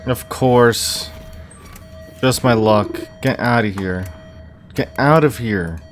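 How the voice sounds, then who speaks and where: A man's voice: medium pitch, slow, soft background music. A young man commenting on a horror game as he plays, talking to himself, groaning and exclaiming when things go wrong. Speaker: gameplay commentator. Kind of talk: let's play commentary.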